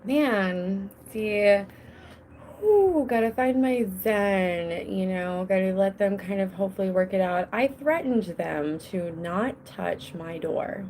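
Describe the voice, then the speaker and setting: Slow, gravelly-voiced mom rambling on a podcast. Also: female voice, mid-range voice, darkish tone, a little hiss or hum. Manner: rambling, restless, self-interrupting. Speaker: podcast host. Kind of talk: casual solo podcast chat. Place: home with children nearby.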